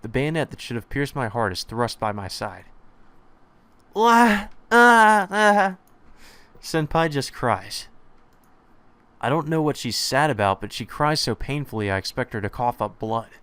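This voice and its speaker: A man's voice: mid-range voice, animated, normal speed, a bit bright, smooth, no echo. A man reading a visual novel aloud, with small stumbles and restarts. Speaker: let's play narrator. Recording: music playing behind.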